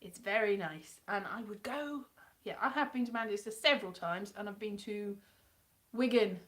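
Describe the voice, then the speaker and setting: A woman's voice: mid-range voice, moderate pace, fairly bright tone. A woman from South Wales, chatting casually and self-deprecatingly on a live stream.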